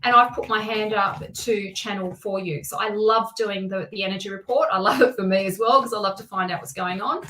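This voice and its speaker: A woman hosting a live tarot stream, talking in a chatty, excitable way with many restarts and asides. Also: medium pitch, a little fast, hardly any pauses, slight background noise, low-quality recording. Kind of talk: casual live-stream chat.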